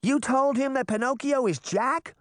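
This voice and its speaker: A man's voice: very high voice, moderate pace, a bit bright, dry recording, studio quality, voice pushed up. A man voicing an anxious, bossy older sister in an audiobook. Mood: urgent. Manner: urgent and scolding. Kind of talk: audiobook character voice.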